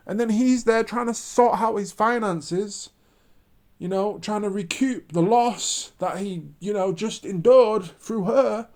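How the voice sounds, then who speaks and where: A man's voice: high voice, measured pace, darkish tone. A man ranting to camera in a preachy monologue, repeating his points with emphasis. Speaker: vlogger.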